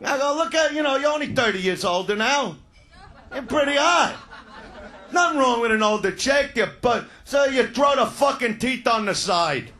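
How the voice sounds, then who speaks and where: Loud crude comic with a bright, high voice. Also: male voice, lively intonation, moderate pace. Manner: crude, loud, shouting punchlines. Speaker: stand-up comedian. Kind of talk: stand-up comedy. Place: comedy stage before a live audience.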